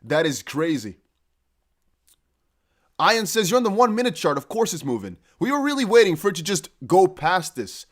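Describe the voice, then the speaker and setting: Guy hosting a live crypto stream, all hyped up, voice jumping all over, kinda high. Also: very animated, moderate pace. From Netherlands. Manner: hyped, laughing, breaks into chanting. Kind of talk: excited live stream commentary.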